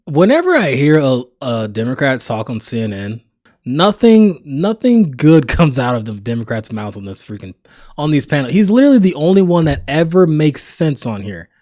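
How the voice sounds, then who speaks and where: A man's voice: medium pitch, very animated, brisk, darkish tone, no room sound. A man talks over a news clip, cracking sarcastic jokes and scoffing at what he hears. His voice is close and dry, with no room sound around it. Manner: mocking, sarcastic asides. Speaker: commentator reacting to a clip. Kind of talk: casual reaction commentary.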